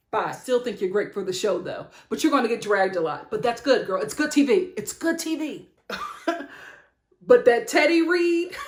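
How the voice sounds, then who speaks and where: A woman reviewing a reality show episode in a sassy, animated chat, throwing in mock quotes and quick asides. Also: on the high side, reverberant. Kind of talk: casual reality show recap. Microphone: studio-lit webcam setup.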